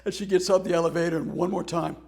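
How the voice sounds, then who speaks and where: A man's voice: on the high side, steady tone, fast talker, vocal fry, darkish tone. A man, a humor speaker, telling heartfelt stories about a friend and laughing through them. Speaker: humor speaker teaching a class. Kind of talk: storytelling tribute talk.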